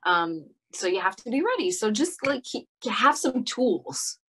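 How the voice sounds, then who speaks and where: A middle-aged actress talking through an interview in a reflective way, pausing often with fillers and restarting her sentences. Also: mid-range voice, sing-song, fairly bright tone, a little hiss or hum. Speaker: actress guest. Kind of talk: casual interview conversation.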